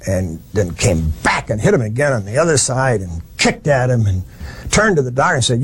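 A man's voice: mid-range voice, sing-song, moderate pace, breathy edge. A man giving a history lecture, telling it as a plain-spoken, folksy story with frequent restarts.

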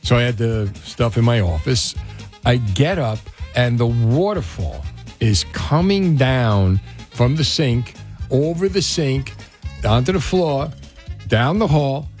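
A man hosting a morning radio show, telling stories with lively acted-out quotes. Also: medium pitch, slow, faint music behind. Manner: animated storyteller, acts out quotes. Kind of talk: casual morning radio banter.

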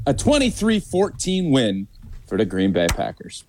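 A man's voice: a little high, sing-song, normal speed, a little mellow, no echo. A man co-hosting a sports talk show, giving opinionated game predictions in casual chat. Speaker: sports radio co-host.

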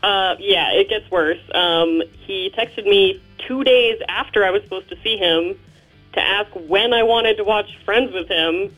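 A woman's voice: medium pitch, unhurried, fairly bright tone, faint music behind, poor audio. A woman calling in who speaks in a blunt, dismissive way. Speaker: caller.

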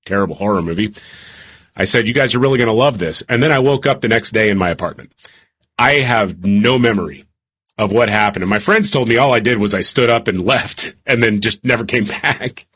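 Husky chatty male co-host. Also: fairly low pitch, fairly quick, a bit bright. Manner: chatty, self-deprecating storyteller. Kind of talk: casual chat.

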